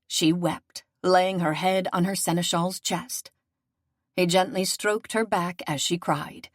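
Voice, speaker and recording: Woman reading an audiobook, lowish voice, dead dry close mic, steady and measured. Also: no room sound. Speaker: audiobook narrator. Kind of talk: scripted narration.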